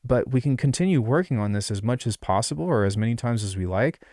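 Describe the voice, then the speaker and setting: A man's voice: medium pitch, lively intonation, fast talker, warm tone, no room sound. A man giving a casual music production tutorial, rambling and offhand, with many fillers and asides, on a close desk mic. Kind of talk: casual screen-recorded tutorial.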